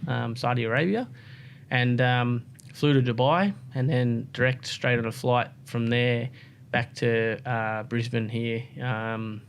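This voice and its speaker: An Australian man, a podcast guest, telling stories in a relaxed, rambling way full of "like" and "um". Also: mid-range voice, slow, a little hiss or hum. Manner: relaxed, rambling, many "like" and "um" fillers. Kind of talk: casual interview storytelling.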